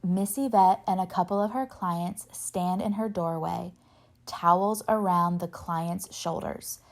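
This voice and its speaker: Low, gravelly woman reading a novel aloud. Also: measured pace. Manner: steady first-person narration with lightly voiced dialogue. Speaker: reader.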